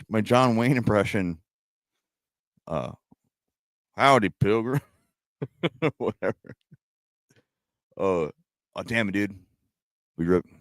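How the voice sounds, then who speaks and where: Deep-voiced, laid-back man host. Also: no room sound, clean studio sound. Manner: laid-back, profane, laughing often. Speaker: livestream host. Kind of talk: casual livestream chat.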